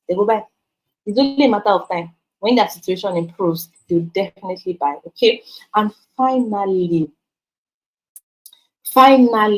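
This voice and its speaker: A woman's voice: on the high side, low-quality recording. A woman with a Nigerian accent teaching a sales training, emphatic and repeating words for stress. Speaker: sales coach.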